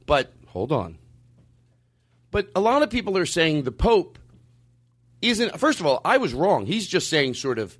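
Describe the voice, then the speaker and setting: A man's voice: sits high, wildly swooping pitch, moderate pace, long pauses, slightly rough. Emphatic, argumentative man. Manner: emphatic, argumentative, rising to near-shouting. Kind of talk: heated conversational rant.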